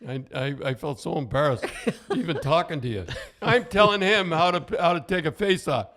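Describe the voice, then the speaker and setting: A man's voice: fairly high pitch, normal speed, fairly bright tone. An older man chats on a podcast in a loose, rambling way. He tells long stories, restarts his sentences often, and chuckles at his own tales. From Canada. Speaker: podcast co-host, former hockey coach. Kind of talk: casual anecdotal chat.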